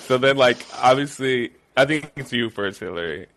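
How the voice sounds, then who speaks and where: Podcast host guy, bright lively voice, laughs a lot, swears, faint noise behind. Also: mid-range voice, moderate pace. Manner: laughs often, profane, excited retelling. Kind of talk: casual podcast chat.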